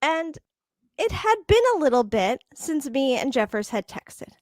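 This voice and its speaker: High-voiced, lively woman podcast host. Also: a little slow, no echo, clean studio sound. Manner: animated storytelling, laughing often. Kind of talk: casual chat.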